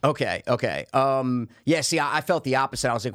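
A man in his thirties, co-hosting a casual movie discussion, ranting with animated swearing. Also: fairly high pitch. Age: 30s. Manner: animated, swearing, fast-building rants. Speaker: podcast co-host.

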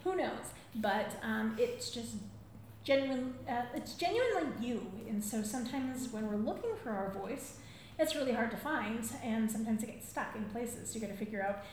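A woman telling stories to a live audience as a drum circle leader, animated and often laughing as she acts out voices. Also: a little high, moderate pace, a little hiss or hum. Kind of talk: storytelling talk to a live audience. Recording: very echoey room, faint ambience.

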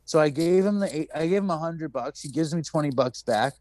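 A man's voice: on the high side, fairly quick, no room sound. A man from New York City hosting a podcast, telling a story in casual chat, acting out the people in it and swearing freely. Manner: animated storyteller, acts out quotes, swears freely. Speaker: podcast host.

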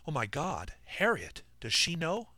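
A man's voice: huge pitch swings, measured pace, bright, forceful tone, no echo, heavily acted. A man doing a wounded soldier crying out in pain. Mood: alarmed. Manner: cries out high and strained. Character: wounded young Civil War soldier in agony.

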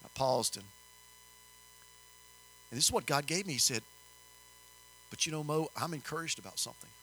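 An older man telling a story in a sermon, folksy and animated, rising in emphasis. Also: a little high, moderate pace, slight background noise, poor audio. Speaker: preacher.

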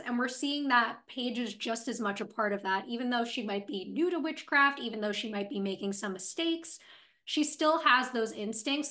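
Higher-voiced woman co-host, agreeable. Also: sharp tone. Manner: agreeable, builds on her co-host's points. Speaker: podcast co-host. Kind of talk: casual TV episode discussion.

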